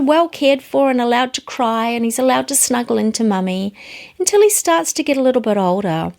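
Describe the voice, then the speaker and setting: A woman teaching psychology, telling illustrative stories in an earnest way, lifting her voice for emphasis. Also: darkish tone. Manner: earnest storytelling, varies pitch for emphasis.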